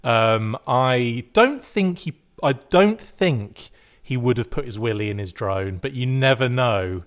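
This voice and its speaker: Podcast host guy, average pitch, rambly and jokey, laughs a lot. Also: expressive, a little slow. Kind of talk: casual podcast chat.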